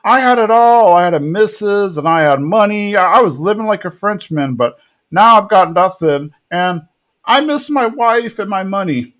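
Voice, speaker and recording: A man's voice: high-pitched, lively intonation, normal speed, fairly bright tone, voice pushed up. A man voicing a washed-up older male boss who laments losing his wife and money in a whiny tone. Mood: mournful.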